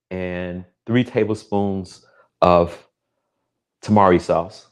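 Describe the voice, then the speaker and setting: Over the sound of a sizzling pan, a man cooks in his home kitchen and streams it, bantering with viewers and calling them by name. He talks slowly in a low voice, and the audio quality is rough.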